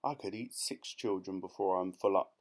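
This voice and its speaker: A man performs a hungry, scheming crocodile from a storybook, who mutters his plans under his breath in a low, hushed voice. He sounds greedy and crafty. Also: normal speed. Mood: sly. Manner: sly, muttering to himself. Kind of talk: audiobook character voice.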